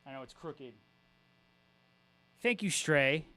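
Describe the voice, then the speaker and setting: A man's voice: a little high, lively intonation, takes it slowly, bright, forceful tone, clean tone, dry recording. A man hosting a guitar livestream, chatting casually with viewers, joking, swearing freely and laughing a lot. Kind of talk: casual livestream chat, reading viewer comments.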